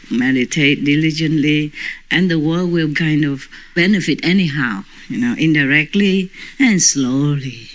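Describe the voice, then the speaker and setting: A woman's voice: deep voice, a bit bright, rough recording. A woman spiritual teacher talking informally to her disciples, chatty and often breaking into laughter.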